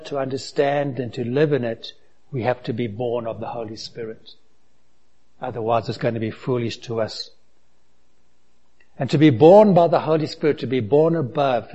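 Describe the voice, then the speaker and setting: A man's voice: mid-range voice, darkish tone, breathy edge, dull audio. A man preaching a sermon, asking the congregation rhetorical questions and reading aloud from scripture. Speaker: pastor.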